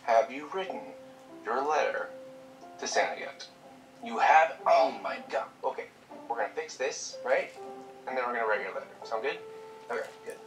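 Guy playing a broke but sweet dad, warm and jokey, voice goes up and down a lot, music under it. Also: medium pitch, expressive, moderate pace, long pauses, lightly acted, poor audio. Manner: warm reassuring, playful with his daughter. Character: caring, broke young father, gentle and jokey. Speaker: struggling single dad. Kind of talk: web drama acting.

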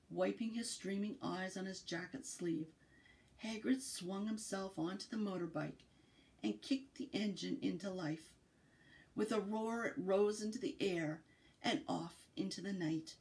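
A woman's voice: mid-range voice, measured pace, rough recording. Woman reading a children's story aloud. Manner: expressive, storytelling cadence. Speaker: library storyteller. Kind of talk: children's book read-aloud.

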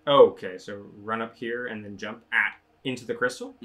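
A man's voice: mid-range voice, steady tone, moderate pace, fairly bright tone. A man playing a video game with a friend, joking around and reading the on-screen text aloud in put-on voices. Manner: playful, jokey, drifts into put-on voices.

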